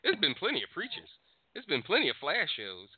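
Animated, swearing man on a tinny line. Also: fairly high pitch, fairly quick, slightly rough. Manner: animated, profane ranting with frequent laughs. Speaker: podcast co-host. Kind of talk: casual call-in show chat.

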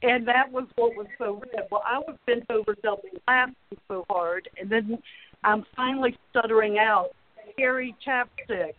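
A woman's voice: on the high side, moderate pace. A woman calling in to a show, telling a funny story about a friend in a chatty, casual way. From Florida. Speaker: caller sharing a story. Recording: tinny phone line.

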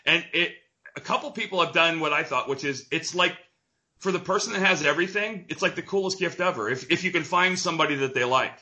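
A middle-aged man and former pro pitcher, chatting casually as a guest in a remote interview, blunt and joking, swearing freely. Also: fast, pushed and bright.

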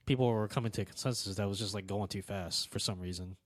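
A man's voice: fairly low pitch, fairly even intonation, fast talker, no echo. A man co-hosting a podcast in casual chat, asking questions and cracking dry jokes. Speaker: podcast co-host.

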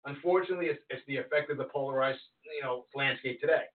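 A man co-hosting a casual podcast, making measured, reasoned points on politics and agreeing along. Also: mid-range voice. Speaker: podcast co-host. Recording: distant, phone-like lo-fi line.

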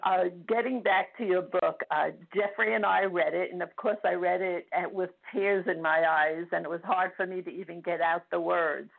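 An older woman calling in to a radio show, speaking emotionally with halting restarts, heard over the phone. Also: fairly low pitch, fairly even intonation, creaky. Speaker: caller. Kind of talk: phone-in call. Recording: tinny phone line.

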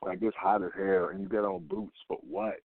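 A low-voiced man rants bluntly and profanely, circling back to the same complaints with question after question. His voice is dry and close, squeezed into a thin, phone-like band. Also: little pitch movement, normal speed, dry recording. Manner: blunt, profane and repetitive, hammering each point with rhetorical questions. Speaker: host of a rant show. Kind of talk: casual profane rant. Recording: dry, tinny phone-like sound.

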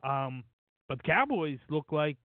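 A man's voice: a little high, very animated, measured pace, no echo. A man co-hosting a casual sports talk show, opinionated and leaning on "you know". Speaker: podcast co-host. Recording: dry, tinny phone-like audio.

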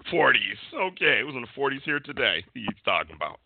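A man's voice: mid-range voice, big pitch swings, fast, gravelly, slight background noise. A middle-aged man hosting a casual sports talk show, rambling and searching for words as he goes. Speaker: podcast host. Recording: dry, phone-like audio.

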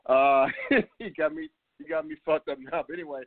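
A man's voice: on the high side, steady tone, fairly quick, no room sound. A man in his fifties hosts a casual sports talk show, rambling from topic to topic with plenty of fillers. His voice comes through a tinny, phone-like line. The sound is dry and close, with no room around it. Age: 50s. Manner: loose and rambling, with many fillers and laughs. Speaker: podcast host.

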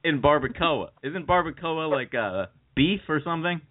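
A man hosts a casual radio chat, rambling through restarts and breaking into giggles. His voice sits a bit high. The sound is thin and phone-like. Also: expressive, moderate pace. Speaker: radio show host. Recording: tinny phone-like line.

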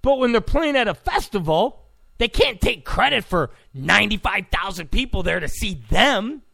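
A man's voice: sits high, very animated, moderate pace, vocal fry, bright, forceful tone, no room sound, studio quality. A man delivering a sarcastic, mocking political rant in blunt, casual commentary.

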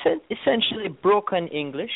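A man's voice: high voice, big pitch swings, a little fast, gravelly, no echo. A man with a lightly toned-down Jamaican accent, answering interview questions in an easygoing way with lots of fillers and restarts. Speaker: tourism board guest. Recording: dry, tinny phone line.

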